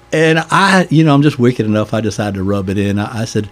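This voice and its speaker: An older deacon with a Southern American accent and a lowish voice tells stories during a podcast interview. His manner is folksy, and he chuckles as he goes.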